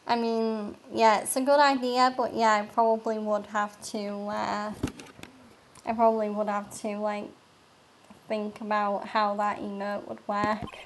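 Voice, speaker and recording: A woman's voice: mid-range voice, level tone, unhurried, background noise. A woman commentating on a game she is playing, giggly and rambling with lots of filler words. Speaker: gaming streamer. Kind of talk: let's play commentary and reading lines aloud.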